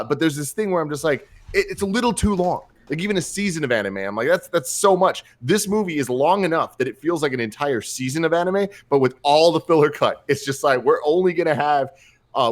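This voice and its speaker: A man hosting a casual chat show, upbeat and gushing, running through plugs and opinions. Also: a little high. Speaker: host.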